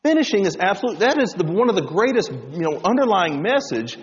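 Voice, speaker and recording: A male pastor preaching a sermon, swinging between loud emphasis and hushed low tones. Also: big pitch swings, a little fast. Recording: dull sound with long reverb in a hall.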